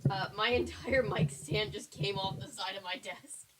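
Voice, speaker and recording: A woman chats casually and in a flustered way, sounding faint and well off the mic. A crowd's chatter can be heard behind her. Her voice has an ordinary middle pitch. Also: fairly even intonation, moderate pace, low-quality recording. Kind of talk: casual chat.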